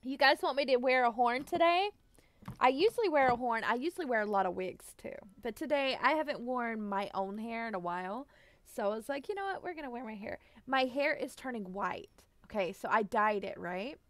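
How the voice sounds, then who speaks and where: A woman's voice: fairly high pitch, normal speed, dry recording. Bubbly, giggly woman streamer. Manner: bubbly, giggly, greets chatters by name. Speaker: Twitch streamer. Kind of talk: casual live-stream chat.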